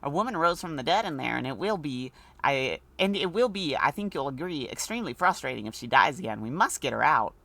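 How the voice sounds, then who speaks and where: A woman's voice: deep voice, animated, a little fast, gravelly, fairly bright tone, no echo, heavily acted. A woman reading the part of a pedantic male doctor's assistant in a video game, dry and lecturing.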